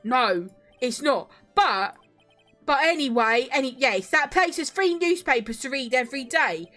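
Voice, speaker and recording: A woman's voice: sits high, expressive, measured pace, fairly bright tone, faint music behind. A woman voicing a grumpy, defensive retired old man who blusters and stammers in a game playthrough. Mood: blustering.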